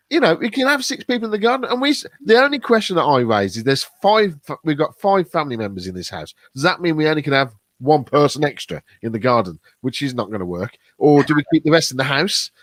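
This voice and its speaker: A man's voice: fairly high pitch, big pitch swings, fast talker, a bit bright, no room sound. A man hosting a video-call business chat, talking in a chatty, stumbling way with lots of fillers. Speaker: host of a business chat show. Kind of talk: casual panel discussion.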